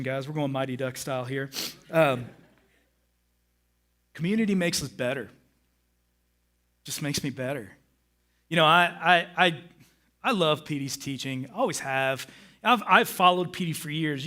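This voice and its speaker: A middle-aged pastor preaches a sermon on a church stage in a slightly high voice, animated and acting out his own moods for the congregation.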